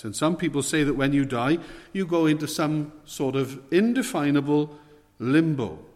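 A man's voice: a little high, animated, a little mellow. Emphatic male preacher in a reverberant hall. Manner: measured, emphatic preaching with slow stressed phrases. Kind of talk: sermon.

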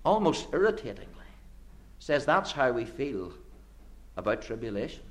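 A man preaching a sermon in an earnest, rhetorical way, building with repeated phrases and swinging between hushed low phrases and sudden emphatic rises. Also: sing-song, moderate pace.

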